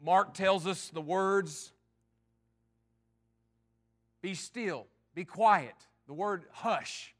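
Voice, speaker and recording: Male pastor with a high voice, earnest and emphatic sermon delivery. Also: extremely slow, long pauses. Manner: earnest, emphatic preaching with swings in loudness and pace.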